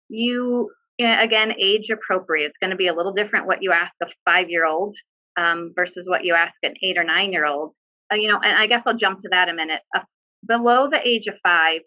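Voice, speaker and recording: A woman's voice: lowish voice, highs cut off. A woman working as a bereavement social worker, giving earnest, direct advice with frequent fillers on a video call. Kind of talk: webinar discussion, giving advice.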